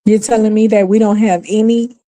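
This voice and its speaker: A woman with a New Orleans accent holds forth on a casual livestream. She is emphatic and exasperated, and she swears freely. Her voice has a dark, mellow tone. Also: medium pitch, steady tone, a little fast. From New Orleans, USA. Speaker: livestream host. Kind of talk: casual opinionated livestream talk.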